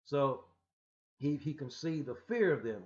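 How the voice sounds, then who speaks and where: A man's voice: fairly high pitch, animated, a little slow. A man teaching from scripture in a rambling, emphatic way, with frequent restarts and stammers, on a muffled lo-fi recording. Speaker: religious teacher.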